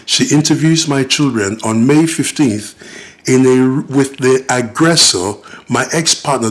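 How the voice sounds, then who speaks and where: A man's voice: mid-range voice, fairly bright tone. A middle-aged British-born man and father, making an indignant, emphatic personal appeal to camera and acting out the voices he quotes. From Britain. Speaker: father and vlogger.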